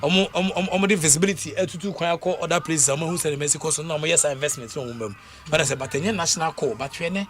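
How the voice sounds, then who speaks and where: A Ghanaian man on a radio sports panel, talking in a loose, animated run that keeps breaking into laughter and fillers. His voice sits a little high, and he circles back and repeats himself as he builds a point. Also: rapid-fire. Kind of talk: casual radio sports talk mixing English and Twi.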